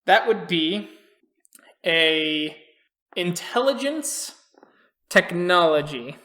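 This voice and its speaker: A man running a tabletop game as game master, narrating scenes and explaining rules calmly. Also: sits high, extremely slow, reverberant.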